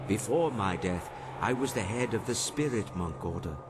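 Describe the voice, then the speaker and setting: An actor playing the ghost of a solemn old male monk leader, telling his story gravely. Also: on the low side, animated, moderate pace, noisy background, natural voice. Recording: game audio over loud score. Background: loud music.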